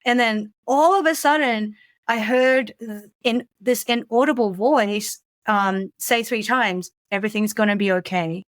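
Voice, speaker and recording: Woman in her forties, fairly high voice, candid halting storytelling, dry close sound. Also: dry recording. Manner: candid, halting, with frequent fillers and restarts. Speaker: podcast guest. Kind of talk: casual conversation, personal storytelling.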